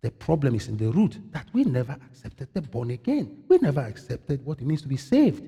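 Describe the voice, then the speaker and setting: A man preaching a sermon in an animated way, often asking the congregation a question and answering it himself, his voice a little husky. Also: mid-range voice, fairly quick. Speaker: pastor. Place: church. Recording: long hall reverb.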